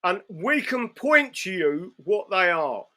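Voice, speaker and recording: A man with a high, bright voice breaks in to hector and challenge. He talks slowly and swings his pitch widely as he presses his demands. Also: very animated. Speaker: commentator interrupting the interview.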